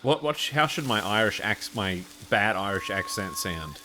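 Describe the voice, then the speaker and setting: Give me a chatty man streaming a roleplay game, with clear background noise. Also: lowish voice, lively intonation, moderate pace. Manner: chatty, explains plans to viewers. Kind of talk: live gaming stream roleplay.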